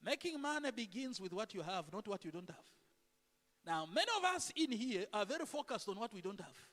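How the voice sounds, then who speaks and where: A man preaching a sermon in a church, animated and full of rhetorical questions to the congregation. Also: sits high, fairly quick. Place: church sanctuary. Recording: echoey church hall.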